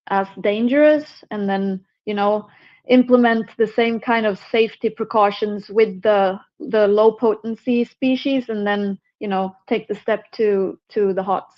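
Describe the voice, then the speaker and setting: A woman from Sweden with a Swedish accent, a herpetologist talking casually as an interview guest, chatty and quick to laugh. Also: medium pitch, dull audio. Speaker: guest, herpetologist and venomous snake keeper.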